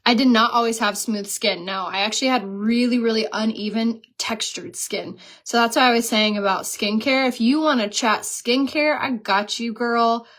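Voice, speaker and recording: A woman's voice: on the high side, normal speed, few pauses, fairly bright tone. A woman in her thirties chatting casually while doing her makeup, telling stories and laughing at herself. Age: 30s. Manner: chatty, self-mocking, storytelling, laughs at herself. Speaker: beauty vlogger.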